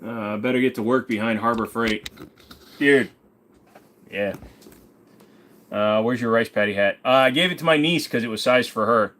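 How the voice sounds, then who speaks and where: A man's voice: mid-range voice, moderate pace, pauses often, a bit bright, slight background noise. A male host in a casual livestream chat, laid-back, joking and profane.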